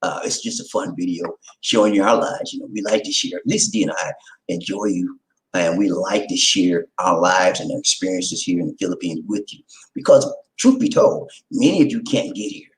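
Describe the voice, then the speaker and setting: A man's voice: sits low, normal speed, roomy sound, rough recording. A man giving casual, joking vlog commentary straight to his viewers. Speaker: vlogger.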